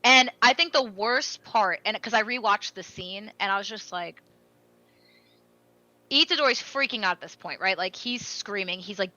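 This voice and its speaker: A young woman co-hosting a podcast, retelling a story in an animated way with lots of fillers. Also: medium pitch, normal speed, no room sound, highs cut off. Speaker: podcast co-host. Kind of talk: casual chat.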